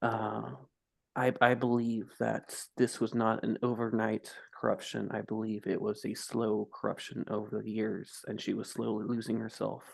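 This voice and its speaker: Halting, gravelly man playing a character. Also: on the low side, flat delivery, no echo. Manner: hesitant, halting. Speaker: player. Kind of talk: in-character tabletop speech.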